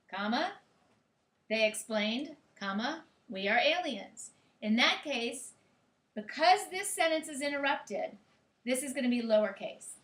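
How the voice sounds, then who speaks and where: Woman teacher lecturing a class; high, bright voice in a roomy, echoing classroom. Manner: explanatory, checks in with students. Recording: echoey classroom.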